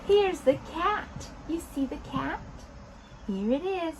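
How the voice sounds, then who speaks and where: High sing-song lady hosting a toddler lesson, super slow, noisy background. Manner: slow, sing-song and animated, with gasps of surprise. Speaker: children's activity host.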